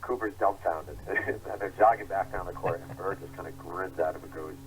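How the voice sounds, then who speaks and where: Low-voiced man telling lively stories. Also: normal speed, husky, poor audio. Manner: animated storyteller acting out quotes. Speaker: author guest. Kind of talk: interview storytelling.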